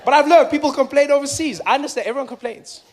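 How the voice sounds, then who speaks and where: A South African man performing a stand-up comedy set, animated and acting out voices for punchlines. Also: very high voice, fast, slight background noise.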